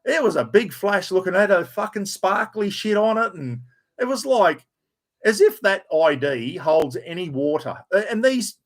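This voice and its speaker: A man's voice: sits high, sing-song, normal speed. A middle-aged Australian man telling a heated story to camera, blunt and full of swearing. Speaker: vlogger. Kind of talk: casual rant to camera.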